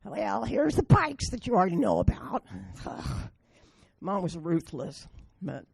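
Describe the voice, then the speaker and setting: A woman with a gravelly, husky voice speaks at a recovery meeting. She tells blunt, self-mocking stories in a dark tone. The sound is dry and close. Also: medium pitch, wildly swooping pitch, takes it slowly, no echo. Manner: blunt, storytelling, self-deprecating.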